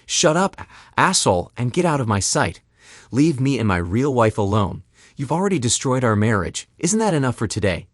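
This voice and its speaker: A man's voice: mid-range voice, sing-song, moderate pace, no echo, studio quality. A man voicing a betrayed husband who interrogates his wife with cold sarcasm. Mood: angry. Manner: sarcastic, demanding. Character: coldly mocking betrayed husband.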